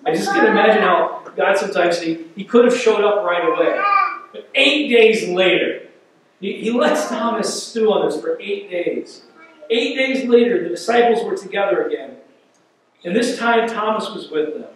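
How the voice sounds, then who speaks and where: Animated high-voiced pastor in an echoey church. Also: male voice, a little hiss or hum. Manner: animated, acts out quotes, conversational asides. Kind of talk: sermon. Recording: echoey church hall from far off.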